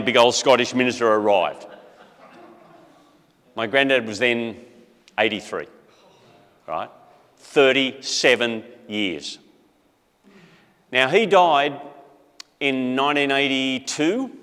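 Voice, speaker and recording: Bright-voiced man telling a story. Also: medium pitch, in a large hall. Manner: casual and conversational, with many fillers and asides. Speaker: speaker. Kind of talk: storytelling talk.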